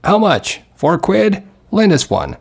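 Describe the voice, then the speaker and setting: A man reading an audiobook who voices a boisterous, mocking young man, loud and teasing. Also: mid-range voice, normal speed, lightly acted. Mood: jovial, teasing.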